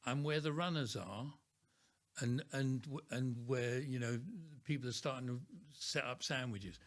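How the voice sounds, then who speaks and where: A soft-spoken man, a guest on a podcast, telling a story about working as an actor. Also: mid-range voice, a little slow. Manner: soft-spoken, acts out voices in his story. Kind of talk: casual storytelling.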